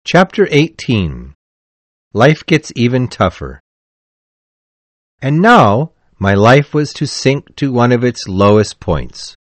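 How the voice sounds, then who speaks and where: In this scripted audiobook narration, a man tells a novel's story at a measured pace with plenty of expression. The mid-range voice comes through cleanly, with no audible room.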